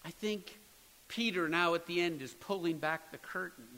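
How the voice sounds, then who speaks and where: A man's voice: a little high, moderate pace, pushed and bright, in a large hall, low-quality recording. A man preaching a sermon, earnest and building to emphatic peaks. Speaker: pastor.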